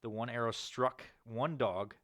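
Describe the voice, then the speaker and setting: A man's voice: unhurried, a bit bright, dry recording, clean studio sound. A man co-hosting a podcast, reading news stories aloud in casual banter, laughing often and swearing freely. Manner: laughs often, swears freely, jumps into squeaky put-on voices. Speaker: podcast co-host.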